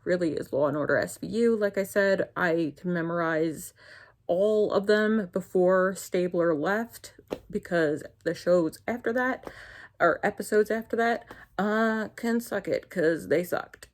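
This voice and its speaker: A young woman with a New Jersey accent talks in a rambling, chatty way on her own vlog, often cutting herself off mid-thought. Her voice sits on the low side for a woman and has a gravelly, fried texture. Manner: rambling, chatty, self-interrupting. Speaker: YouTuber. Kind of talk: casual chat reviewing shows.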